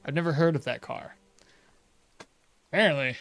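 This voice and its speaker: A man's voice: on the high side, moderate pace, faint music behind. Profane young male gaming streamer. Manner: loose, profane storytelling with sudden loud outbursts. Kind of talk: casual gameplay commentary.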